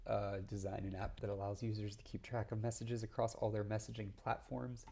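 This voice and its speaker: A young man with a low, gravelly voice chats straight to the camera. He rambles along with plenty of ums and false starts. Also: warm tone. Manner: chatty, frequent ums and restarts. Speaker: vlogger doing a design challenge. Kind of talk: casual talk to camera.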